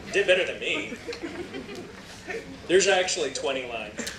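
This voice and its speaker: A man's voice: fairly high pitch, expressive, unhurried, roomy sound, recorded from a distance, crowd noise, rough recording. A man giving a guest lecture, playfully coaching volunteers through a game and laughing often. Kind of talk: lively lecture-hall game with audience.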